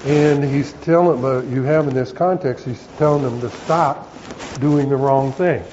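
In a lo-fi recording with a little hiss or hum, a pastor teaches a Bible lesson to his congregation, breaking it down word by word. He is halting and often corrects himself, and his mid-range voice has a darkish tone.

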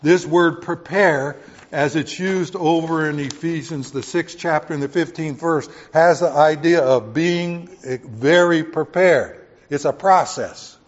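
A man preaching a sermon to his congregation in a folksy way, swinging from loud emphatic points to quiet offhand asides. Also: fairly high pitch, a little slow, lo-fi sound. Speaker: pastor.

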